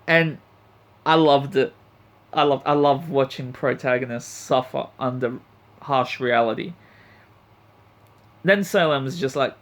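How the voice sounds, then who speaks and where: A man's voice: mid-range voice, unhurried, pauses often. A man reviewing an anime episode in a blunt, profane, heated rant. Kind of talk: ranting review vlog.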